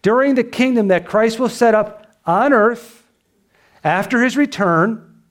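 A man delivers an expository sermon in a fairly high voice. He works through scripture verse by verse and keeps pressing his listeners with rhetorical questions and emphatic repetition. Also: unhurried. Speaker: pastor.

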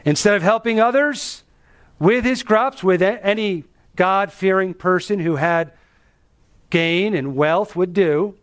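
A man's voice: high voice, unhurried, fairly bright tone. A man preaching a sermon as a pastor, teaching through a passage in a conversational, emphatic way and asking the listeners rhetorical questions. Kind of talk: expository sermon.

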